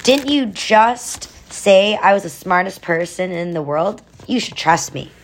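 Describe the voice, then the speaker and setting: Lady reading as a jittery kid boy, worried and pleading, bit higher than her usual voice. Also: animated, a little slow. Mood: nervous.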